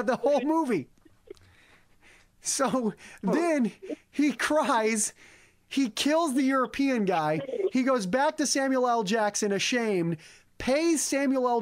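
A man hosting a casual comedic movie review podcast, retelling the plot with acted-out quotes. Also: very high voice. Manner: animated storyteller who acts out characters' lines. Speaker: podcast host.

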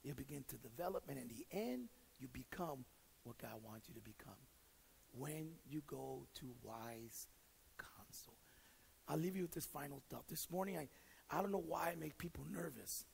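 A man's voice: a little high, in a large hall, slight background noise, rough recording. A male pastor preaching a sermon in a direct, joking way, mixing stories and teaching. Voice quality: raspy, gravelly. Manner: direct, joking, self-deprecating; repeats and restarts words. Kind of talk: sermon with storytelling.

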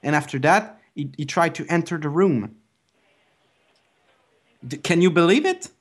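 A man's voice: a little high, expressive, unhurried. A young man making a prank call, complaining in an overly dramatic, stammering way. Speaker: prank caller.

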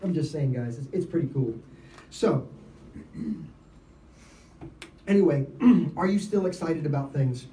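A man giving an informal sermon, telling stories in an animated way and laughing often. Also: fairly high pitch, unhurried, pauses often, reverberant, recorded from a distance, slight background noise, low-quality recording. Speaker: lay preacher. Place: event gathering.

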